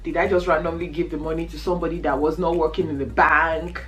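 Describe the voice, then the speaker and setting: A Nigerian woman vlogger telling a story in a lively way while eating for a mukbang, often breaking into laughter. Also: low-pitched, quick pace, poor audio.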